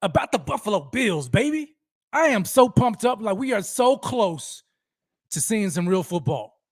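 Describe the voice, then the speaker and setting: An energetic man hosts a sports fan livestream, shouting out viewers with pumped-up enthusiasm. His voice sits high for a man. The sound is dry and close, with no room around it. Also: normal speed, no echo. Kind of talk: livestream roll call chat.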